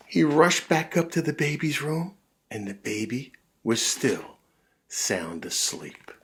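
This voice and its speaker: Animated husky man reading to kids. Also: mid-range voice, slow. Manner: animated, big voices and sound effects. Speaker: children's book reader. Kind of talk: read-aloud storytelling for kids.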